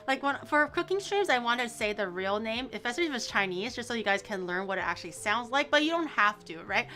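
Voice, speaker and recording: A woman with a bright, fairly high voice chats casually on a cooking stream. She teases her viewers playfully and drags words out slowly to make fun of fussy pronunciations. Soft music plays faintly underneath.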